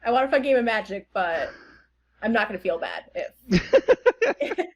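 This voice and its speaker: A woman co-hosting a podcast in casual chat, soft-spoken and supportive. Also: on the high side, huge pitch swings, unhurried, highs cut off. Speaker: podcast co-host.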